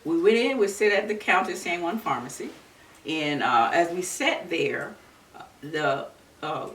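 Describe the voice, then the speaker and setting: Older woman, low voice, roomy distant sound. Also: lively intonation, fairly bright tone. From Florida, USA. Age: 70s. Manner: earnest, unhurried storytelling with many restarts. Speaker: interviewee recalling civil rights activism. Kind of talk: oral history recollection. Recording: roomy, distant mic with faint background noise.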